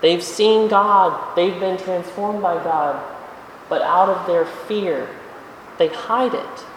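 A preacher delivering a sermon in a relaxed, conversational way, posing questions to the congregation and stretching out key words. The voice sits at a middle pitch and is picked up from some distance in a large church, with a long, roomy reverb. A faint background hum lingers under the speech. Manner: conversational, with rhetorical questions and slowed emphasis. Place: church sanctuary. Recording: echoey hall, voice from afar.

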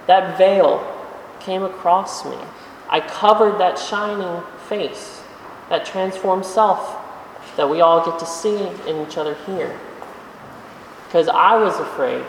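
A preacher delivering a sermon in a relaxed, conversational way, posing questions to the congregation and stretching out key words. The voice sits at a middle pitch and is picked up from some distance in a large church, with a long, roomy reverb. A faint background hum lingers under the speech. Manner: conversational, with rhetorical questions and slowed emphasis. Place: church sanctuary. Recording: echoey hall, voice from afar.

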